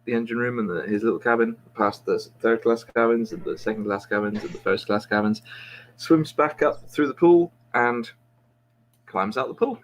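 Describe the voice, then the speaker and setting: A man's voice: mid-range voice, moderate pace, slight background noise. A man, a podcast host, telling a long joke in a rambling, self-mocking way with many restarts.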